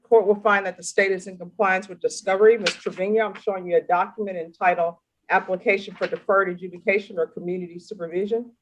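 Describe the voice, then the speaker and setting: A woman's voice: medium pitch, fairly even intonation, quick pace, slight background noise, rough recording. A woman judge conducting a formal court hearing over video, firm and corrective in manner.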